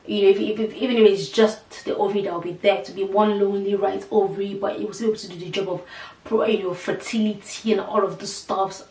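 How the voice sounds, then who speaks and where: A woman voicing a female surgeon who calmly explains bad news and reassures her patient, recorded in an echoey room some way from the mic. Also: medium pitch, fast talker, distant mic, slight background noise, close to an everyday voice. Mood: reassuring.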